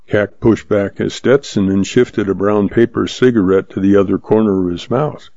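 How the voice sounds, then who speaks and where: Male audiobook narrator, low and gravelly, steady read, dry booth. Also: moderate pace, few pauses, dry recording. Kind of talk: scripted narration. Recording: dry, slightly muffled lo-fi.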